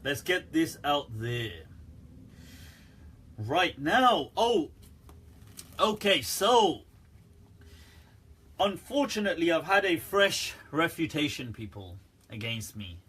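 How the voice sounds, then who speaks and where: A man with a bright, slightly husky voice gives a loose, joking livestream Q&A and laughs often. He talks straight to his viewers and keeps saying "right" and "people" between his points. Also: a little high, sing-song, takes it slowly, long pauses. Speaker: Islamic scholar answering questions. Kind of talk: casual livestream Q&A talk.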